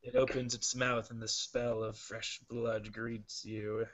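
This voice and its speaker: Slow-talking man running a tabletop game. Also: on the low side, level tone, a bit bright, muffled recording. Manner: halting, many fillers. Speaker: game master.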